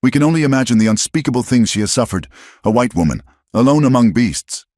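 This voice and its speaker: A man voicing a pompous, condescending older land baron who booms his lines. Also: animated, fast talker, a little mellow, no echo, clean studio sound, lightly acted. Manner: booming, condescending.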